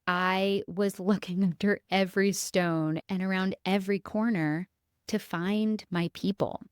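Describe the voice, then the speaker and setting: A woman's voice: mid-range voice, fairly even intonation, a little slow, smooth, no echo, clean studio sound. A young adult woman hosting a podcast, talking candidly and conversationally to her listeners, with plenty of casual fillers. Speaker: podcast host. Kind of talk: reflective solo podcast monologue.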